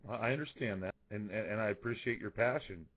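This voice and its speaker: A man's voice: on the low side, fast, breathy edge. Hesitant male caller on a phone line. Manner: hesitant, stammering. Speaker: radio caller. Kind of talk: call-in conversation.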